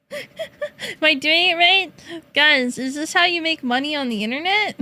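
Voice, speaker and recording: A young woman streaming, chatting playfully with her viewers, teasing and laughing often and breaking into high meows. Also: pushed and bright. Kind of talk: casual chat with chat.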